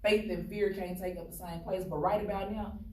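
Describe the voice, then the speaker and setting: A woman's voice: medium pitch, fairly even intonation, a little fast, warm tone. A woman co-hosting a casual talk show, earnest and a bit preachy when she talks about faith. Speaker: co-host. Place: TV studio. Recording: echoey studio, mic at a distance, faint noise.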